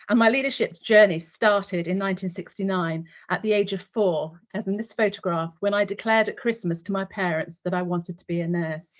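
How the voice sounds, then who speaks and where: A woman in her fifties, a retired military nurse, telling a vivid story in the second person as a guest speaker in an online webinar. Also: on the low side. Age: 50s. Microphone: video call. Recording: dull lo-fi online call audio.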